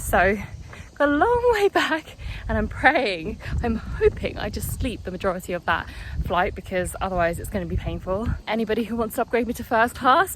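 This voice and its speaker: A young woman talks straight into a handheld camera, chatty and upbeat, breaking into little exclamations as she goes. Her pitch sits in the middle of a woman's range, and faint ambient noise hangs behind her voice. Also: fairly bright tone. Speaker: travel vlogger. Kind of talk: casual vlog narration.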